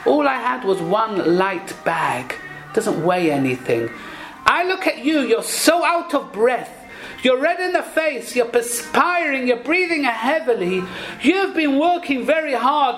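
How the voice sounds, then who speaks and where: A confident businessman lays out his reasoning step by step, as a woman preacher puts him on. The voice sits fairly high, and the room echoes around it. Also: fairly bright tone. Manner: reasoning, explaining point by point. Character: brisk male businessman, confident and sure of himself.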